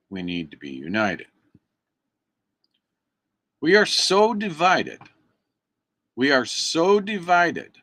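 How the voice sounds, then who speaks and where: A man's voice: mid-range voice, vocal fry, fairly bright tone, dry recording. An American man giving an angry, emphatic livestream rant into his computer mic, preaching to viewers. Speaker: activist live streamer. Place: indoors at a computer.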